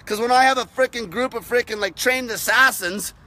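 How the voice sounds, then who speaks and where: A man's voice: very high voice, brisk, sharp tone. A young man ranting to camera about dieting, blunt and aggressive, swearing constantly. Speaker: diet channel host. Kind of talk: profane rant to camera.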